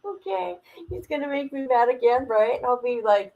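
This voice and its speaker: A woman's voice: sits high, animated, moderate pace, vocal fry, lo-fi sound. A woman speaking casually on a livestream. She is blunt and profane, and she laughs often as she tells her viewers what has been bothering her. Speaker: streamer.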